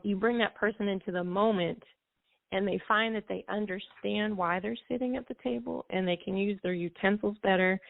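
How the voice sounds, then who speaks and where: Speaking as a guest on a call-in show over a dry phone line, a woman music therapist explains things at length in easy, flowing talk with a few fillers. Her voice is mid-range with vocal fry.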